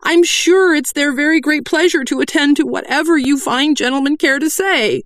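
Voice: moderate pace, a bit bright, no echo, studio quality. A reader voicing a timid male hymnal merchant who stammers and quavers in a nervous, aggrieved voice. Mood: squeaky frightened. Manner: quavering, high and hesitant.

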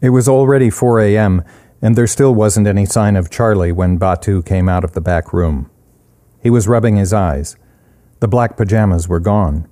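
Brief: male narrator, steady story reading, mellow and warm tone. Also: on the low side, moderate pace.

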